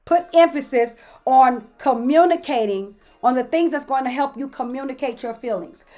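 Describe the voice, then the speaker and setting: A woman's voice: high voice, normal speed, dark tone. A woman pastor giving a casual, colloquial motivational talk to live viewers, repeating words as she builds each point and greeting people by name. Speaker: pastor and host.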